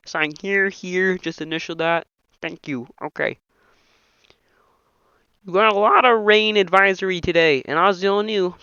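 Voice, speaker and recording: A man doing an impression of a nasal, excitable male puppet frog, reading a whole film script aloud as every character. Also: high voice, clean tone, dry recording. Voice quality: nasal, reedy. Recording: dull lo-fi dry home mic.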